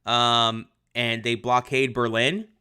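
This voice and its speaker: A man's voice: mid-range voice, level tone, slow pace, sharp tone, clear, resonant tone. A young adult male history teacher giving a casual livestreamed lesson, chatty with lots of ums, answering viewer comments. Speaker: high school history teacher.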